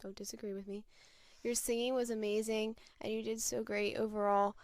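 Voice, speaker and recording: A woman gushes praise for her castmates in casual shoutouts. Her voice is fairly high, with a gravelly fry. The sound is dry and close. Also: little pitch movement, fairly quick, no echo. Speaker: theater cast member giving shoutouts.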